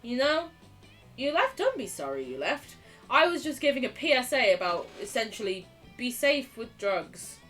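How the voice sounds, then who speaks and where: Lively, jokey young woman streamer. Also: on the high side, moderate pace, recorded from a distance, faint music behind. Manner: jokey, swears freely, reacts out loud. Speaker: game streamer. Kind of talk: casual let's-play commentary.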